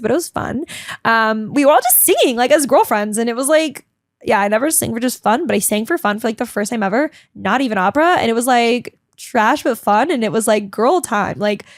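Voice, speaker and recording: A chatty, dramatic young woman telling a casual vlog story, full of "like" and quick asides. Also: a little high, no echo, studio quality. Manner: chatty and bubbly, heavy use of "like", dramatic; talks a lot, emotional. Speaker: vlogger.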